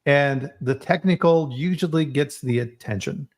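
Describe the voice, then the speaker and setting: A man with a slightly high voice hosts a casual live-stream talk at a moderate pace. He tells stories animatedly, often restarting and repeating words.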